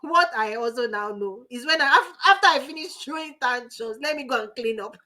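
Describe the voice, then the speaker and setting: A Nigerian woman teaching a live online coaching class in an animated, preachy way, laughing often. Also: high voice, measured pace, background noise. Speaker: life coach.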